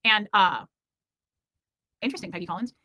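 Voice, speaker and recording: A woman's voice: medium pitch, expressive, normal speed, bright, forceful tone, dry recording. A woman in her forties hosting a casual livestream, chatting candidly and jokily while reacting to viewer comments. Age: 40s. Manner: candid, rambling, jokey, reacts to chat. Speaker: livestream host.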